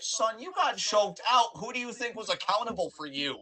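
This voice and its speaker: Bright, animated male podcast co-host. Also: sits high, normal speed, low-quality recording. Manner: animated, acts out quotes in character voices. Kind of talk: casual chat. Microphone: remote call mic.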